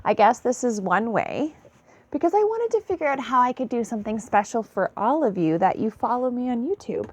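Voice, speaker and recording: A tired woman giving a late-night intuitive reading to her viewers, soft-spoken and apologetic. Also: a little high, very animated, fairly quick, no echo. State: tired, yawning. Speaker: intuitive reader.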